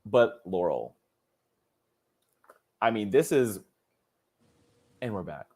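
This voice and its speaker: A man hosting a casual podcast chat, expressive and emphatic, often laughing. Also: on the low side, slow pace, slightly rough. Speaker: podcast host.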